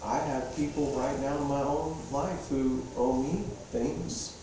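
A man preaching a relaxed, conversational sermon to a congregation and putting questions to them. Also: medium pitch, unhurried, background noise. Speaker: pastor. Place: church hall with a congregation. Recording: echoey hall, distant mic.

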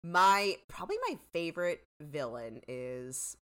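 Woman, podcast co-host, casual chat, rambling, lively intonation. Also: sits low, unhurried. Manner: chatty, trailing off with frequent "like" and "you know".

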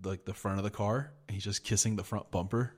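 A man's voice: on the low side, steady tone. A young man co-hosting a podcast in casual chat, swearing often and laughing as he mimics people. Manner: profane, laughing, mimics people in quick asides. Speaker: podcast co-host.

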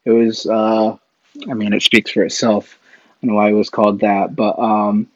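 Speaking at a normal pace in a lowish, flat, somewhat dark voice, a male podcast guest tells rambling, casual stories packed with fillers and restarts. There's no room sound, and the recording is dull, dry, and lo-fi.

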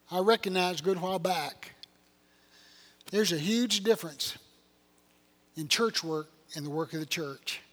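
Older pastor with a high voice. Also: male voice. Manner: folksy storytelling, earnest. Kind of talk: sermon. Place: church sanctuary. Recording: long hall reverb.

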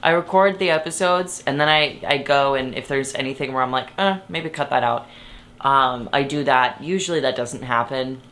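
A young woman with a low voice hosts her podcast from her bed. She rambles loosely and cuts herself off mid-thought. She breaks into laughter often. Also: moderate pace, a bit bright. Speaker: podcast host. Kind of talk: casual chat. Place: bedroom, sitting on her bed.

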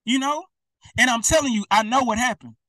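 Preacher, male, direct and repetitive, bright tone, sits back from the mic. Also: very high-pitched, fairly quick, dry recording, distant mic. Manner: colloquial, repetitive, direct address. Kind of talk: informal preaching to camera.

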